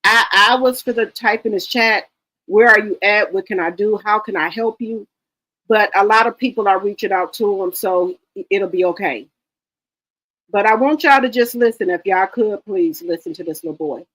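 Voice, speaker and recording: A woman in her forties hosting a livestream, talking with viewers in a halting, earnest way, full of "you know" and "y'all". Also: medium pitch, a bit bright, rough recording. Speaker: livestream host. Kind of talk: casual chat with viewers.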